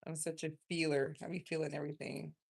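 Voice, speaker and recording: Tarot reader, casual livestream reading, rambling and emotional, fry in the voice. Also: medium pitch, little pitch movement, fast. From South Carolina.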